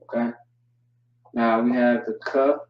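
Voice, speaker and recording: A man teaching a language class online, relaxed and joking, spelling words out slowly. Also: medium pitch. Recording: distant, roomy, dull mic sound.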